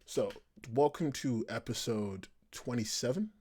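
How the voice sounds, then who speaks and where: A man's voice: mid-range voice, animated, measured pace, mellow. A man hosting a podcast over a call, rambling and joking and laughing a lot in casual chat. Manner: jokey, rambling, laughs often. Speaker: podcast host.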